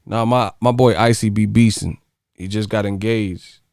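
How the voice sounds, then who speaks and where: A man's voice: fairly low pitch, fairly even intonation, normal speed, darkish tone, dry recording, studio quality. A man hosting a casual livestream chat, joking with viewers and breaking into sung snippets and movie impressions. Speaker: livestream host.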